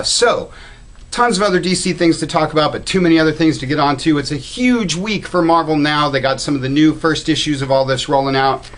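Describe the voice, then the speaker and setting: A man hosting a weekly new-release rundown for his comic book store, upbeat and enthusiastic, with frequent "uh" fillers. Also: a little high. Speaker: comic shop host.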